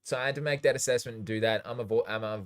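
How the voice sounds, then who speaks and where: A man's voice: medium pitch, steady tone, very fast. A man hosting a DJ livestream, chatting in a rambling, loose way and swearing casually. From Australia. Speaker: DJ and livestream host.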